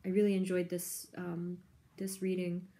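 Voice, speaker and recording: A woman giving a pick-a-card tarot reading in a gentle, soft-spoken, effusive manner. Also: lowish voice, monotone, normal speed. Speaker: tarot reader.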